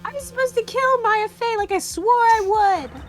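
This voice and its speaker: A woman voicing a spiteful young female villain spirit, taunting in a venomous, drawn-out way while reading game dialogue aloud. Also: extremely high pitch, faint music behind.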